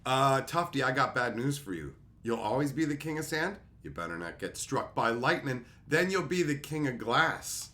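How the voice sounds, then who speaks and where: Profane, animated man chatting on stream. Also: medium pitch, normal speed, few pauses. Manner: profane, laughing storyteller. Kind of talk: casual livestream chat, reading chat.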